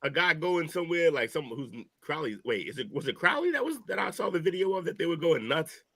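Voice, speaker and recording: Animated bright-voiced man hosting sports chat. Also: a little high, a little fast, gravelly. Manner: loose, joking, swears often. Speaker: sports podcast host. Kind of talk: casual sports chat with friends.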